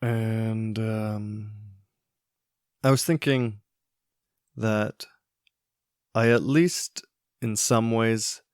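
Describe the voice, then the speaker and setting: A man hosting a solo podcast, thinking aloud in a musing, hesitant way with many pauses and restarts. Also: fairly low pitch, fairly even intonation, clean tone, dry recording, clean studio sound. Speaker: podcast host. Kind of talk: reflective solo podcast monologue.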